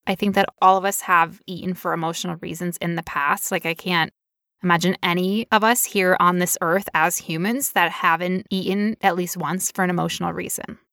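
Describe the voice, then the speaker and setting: A woman co-hosting a casual podcast, talking in an animated way and acting out quoted voices. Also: lowish voice, a little fast, no room sound, clean studio sound. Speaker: podcast co-host.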